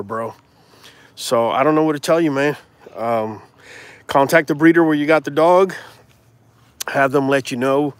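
A dog breeder hosting a casual livestream from his yard, answering viewer comments in a relaxed, chatty way with lots of "man" and "bro.". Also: mid-range voice, dry recording. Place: outdoors in a yard with dogs.

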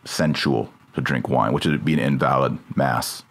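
A man with a very deep, steady voice hosts a podcast at a normal speed. In this casual discussion he thinks out loud and checks terms partway through his sentences.

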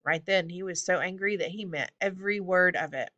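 A woman narrating a storybook aloud with a steady, clear reading. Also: fairly low pitch, fairly quick, muffled recording. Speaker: audiobook reader.

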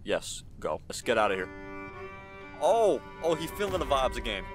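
Male let's-play host, middle pitch, game music underneath; easily spooked and chatty. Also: big pitch swings, normal speed. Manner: jumpy, talks to the screen, frequent frightened yelps; casual slang, says "bro" and "y'all". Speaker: gaming channel host.

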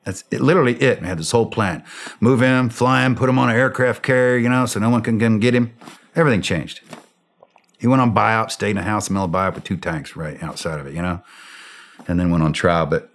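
His voice sits low as this middle-aged former special ops soldier tells a war story during a podcast interview. He's blunt and animated, acting out the conversation.

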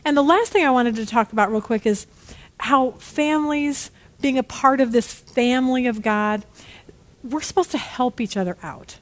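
Middle-aged woman, slightly high voice, candid casual Bible study teacher, animated, keeps asking okay. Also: normal speed.

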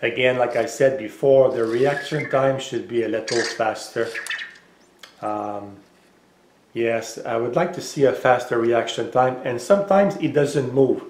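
A man's voice: medium pitch, a little mellow, slight background noise. French-accented man, echoey home room. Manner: hesitant, many filler pauses; raises voice for voice commands. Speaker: tech reviewer. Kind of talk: casual product demo.

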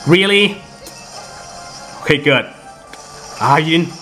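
Male gameplay commentator, slightly high voice, rambling casual delivery with frequent restarts. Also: big pitch swings, fairly quick, sharp tone. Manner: rambling with many fillers and restarts. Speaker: gaming video host. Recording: game music in the background.

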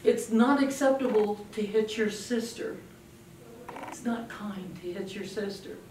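A woman giving a parenting workshop to a live audience, animated and acting out scenes with a puppet. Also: mid-range voice, measured pace, a little hiss or hum. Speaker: parenting speaker. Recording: echoey room from a distant mic.

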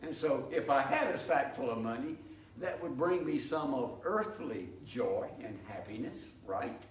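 A man's voice: medium pitch, lively intonation, unhurried, slight background noise. An older man teaching a church Bible study in a folksy, explanatory way, telling homey anecdotes, recorded in a church sanctuary. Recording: echoey, distant, faint ambience.

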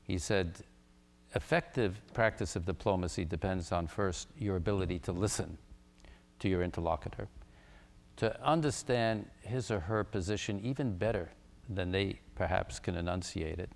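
An older man moderating a panel conversation, formal and measured with frequent hesitations. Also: low-pitched, gravelly, in a large hall. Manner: measured, formal, with many uhs. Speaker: moderator, former ambassador.

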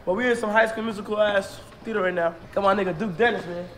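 A man's voice: high voice, fairly even intonation, fast, recorded from a distance. A young man vlogging on a trip, talking loosely and joking with his friends. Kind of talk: casual travel vlog. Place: hotel rooms and an indoor gym. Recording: roomy echo with loud background noise.

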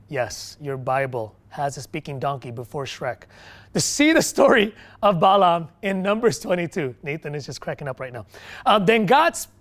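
In this sermon, a male pastor's delivery swings between quiet, deep-toned moments and loud emphasis, and he keeps breaking off to restart.

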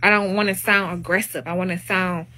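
A woman's voice: on the low side, steady tone, fairly quick, pushed and bright. A woman hosting a live stream, talking in a casual, opinionated monologue that is emphatic and preachy, with rising exclamations.

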